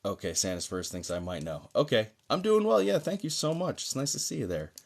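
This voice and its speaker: A man's voice: mid-range voice, sing-song, a little fast, creaky. A man hosting a live-streamed mediumship session, talking chattily and reassuringly to viewers, with many fillers. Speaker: psychic medium host. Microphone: phone or desk mic on a live stream.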